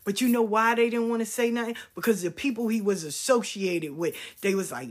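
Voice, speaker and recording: Husky-voiced woman telling a fiery personal story. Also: on the high side, brisk, hardly any pauses. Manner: blunt, profane, fiery.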